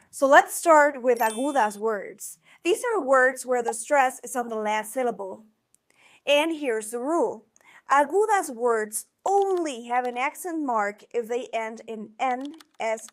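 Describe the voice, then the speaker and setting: A woman teaching a scripted video lesson, speaking clearly and encouragingly and slowing down to sound out example words. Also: a little high, lively intonation. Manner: clear, encouraging instructional delivery. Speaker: Spanish teacher.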